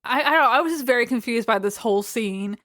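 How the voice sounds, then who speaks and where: A woman's voice: fairly high pitch, fast, fairly bright tone. A woman co-hosting a podcast in casual chat, laid-back, dry and sarcastic, with some swearing. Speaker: podcast co-host.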